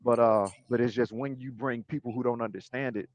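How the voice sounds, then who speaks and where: A man guesting on a video call, talking casually about his work with halting restarts and laid-back slang. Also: mid-range voice, steady tone. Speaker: interview guest, battle rapper and league owner. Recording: dull lo-fi video call audio.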